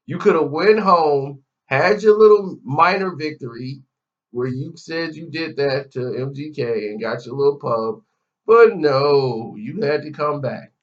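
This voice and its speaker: This vlogger's voice is fairly high, with lively intonation and an unhurried pace. He directs a mocking, scolding commentary rant straight at the person he's criticizing, and the sound is dull and lo-fi.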